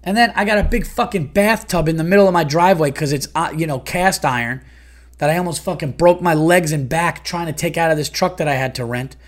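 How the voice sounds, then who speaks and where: A middle-aged man, ranting in a casual podcast monologue, profane and exasperated, swinging louder and higher when annoyed. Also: brisk. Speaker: comedian and podcast host.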